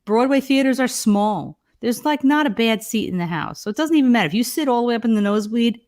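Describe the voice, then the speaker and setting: A woman's voice: on the high side, fast talker. A middle-aged woman, hosting a casual chat and telling stories with lots of laughter. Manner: animated storyteller, laughs often. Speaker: host.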